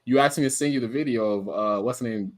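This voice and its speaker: A man from New Jersey chatting casually on a podcast, relaxed and slangy, often chuckling. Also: medium pitch, fast.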